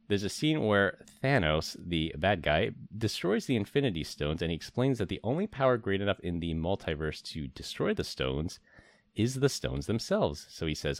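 A man's voice: deep voice, no echo. A man co-hosting a casual podcast, reading prepared news stories with jokes mixed in. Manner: reads prepared stories in a jokey way. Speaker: podcast co-host. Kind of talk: casual podcast chat with read news segments.

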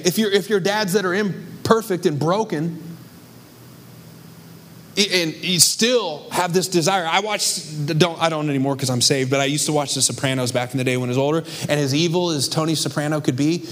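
A man's voice: on the high side, a little hiss or hum. A young adult man preaching a sermon with passion and emphasis, as pastor on a church stage. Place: church stage before a congregation.

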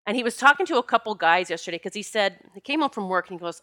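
A woman's voice: mid-range voice, animated, racing, few pauses, bright, forceful tone. A woman talking casually and emphatically to her viewers, often repeating herself to stress a point. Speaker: vlogger addressing viewers. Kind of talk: casual monologue to camera.

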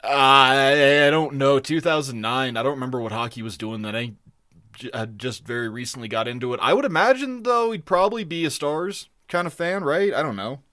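A man's voice: mid-range voice, fairly quick, pushed and bright, no room sound, studio quality. A young man co-hosting a casual podcast, talking loosely with lots of swearing and frequent laughs. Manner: loose, profane, laughing often. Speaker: podcast co-host.

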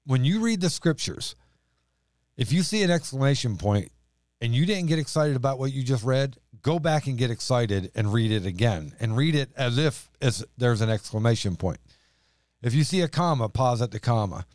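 A man's voice: medium pitch, animated, moderate pace, a little mellow, dry recording, clean studio sound. A man co-hosting a casual Bible discussion podcast, talking in an emphatic, exhorting way. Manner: emphatic, exhorting, dramatic when reading scripture. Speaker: podcast co-host.

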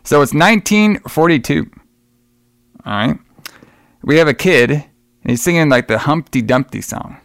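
A man's voice: on the high side, moderate pace, vocal fry, long pauses, no echo, clean studio sound. A man co-hosting a podcast, recapping a movie in a casual, profane, rambling way. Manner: rambling, profane, energetic retelling. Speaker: podcast co-host.

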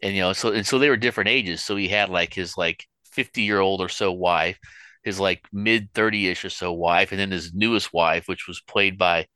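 A man's voice: low voice, fairly even intonation, normal speed, bright, forceful tone, smooth, no room sound. A middle-aged man, co-hosting a casual chat and rambling through his stories. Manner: rambling storyteller, full of restarts. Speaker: podcast co-host.

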